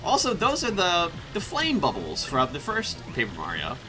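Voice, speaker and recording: A man hosting a casual let's play, rambling and excitable, often breaking into laughter. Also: a little high, moderate pace, over music. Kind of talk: casual gameplay commentary.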